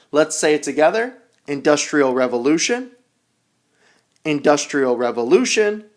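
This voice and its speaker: A man teaching English vocabulary, leading a call-and-repeat drill with slow, exaggerated enunciation. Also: on the high side. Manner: animated, sing-song teacher delivery. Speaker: ESL teacher.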